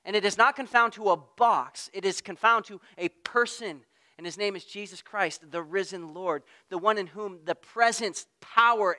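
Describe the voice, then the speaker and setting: A man preaching a sermon in a conversational way, at times getting loud and at times dropping to a hush. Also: high-pitched. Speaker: pastor.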